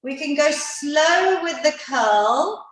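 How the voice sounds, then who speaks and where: A woman's voice: sits high, expressive, slow pace. A woman fitness instructor leading a live online seniors' workout class, encouraging everyone and counting down the reps. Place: indoor room, live video class. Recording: very echoey room, voice far from the mic.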